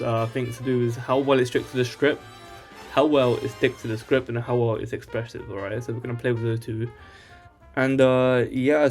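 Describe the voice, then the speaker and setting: A man's voice: medium pitch, darkish tone. A man hosting a casual screen-share tech tutorial, rambling through the steps and tagging his lines with "alright?".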